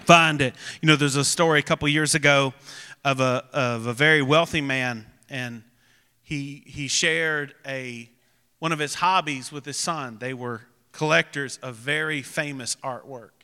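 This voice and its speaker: A man in his thirties preaching a sermon, telling stories and building to loud, emphatic preaching. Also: mid-range voice, steady tone, measured pace, clean tone, in a large hall. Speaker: pastor.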